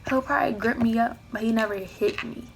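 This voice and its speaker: A young woman recounting a personal story to the camera in a casual vlog, her voice slightly high with a gravelly edge. She acts out both sides of the argument as she goes. A faint hiss of background noise runs underneath. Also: fairly quick, poor audio. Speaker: vlogger.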